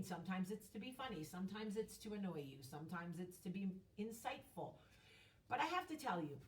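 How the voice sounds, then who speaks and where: A woman hosts a casual vlog, telling her story in a chatty, emphatic way with the odd swear word. Her voice sits at an ordinary middle pitch. She is heard from a little way off the mic, in a room with a noticeable echo. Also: recorded from a distance. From United States. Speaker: host.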